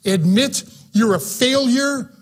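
A man preaching a sermon in an auditorium, fervent and emphatic, swinging between soft and loud passages. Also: very high voice, slow pace, husky. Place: auditorium, live-streamed.

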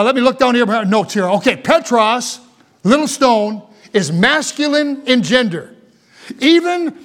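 Speaking in a high voice, this man delivers a morning sermon as pastor of the congregation. He's animated, wanders into asides, and tends to repeat words and start his sentences over.

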